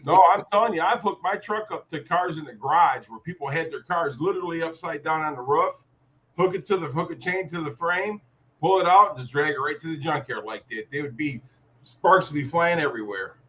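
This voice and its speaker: A man's voice: on the high side, brisk, a bit bright. A man telling plain-spoken stories in casual chat. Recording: dull lo-fi audio.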